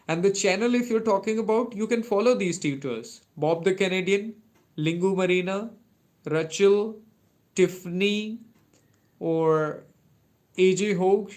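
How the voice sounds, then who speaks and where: Indian English-speaking man, slightly high voice. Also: a little mellow. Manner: hesitant, many fillers and restarts. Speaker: English-learning livestream host. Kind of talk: casual live chat answering viewers.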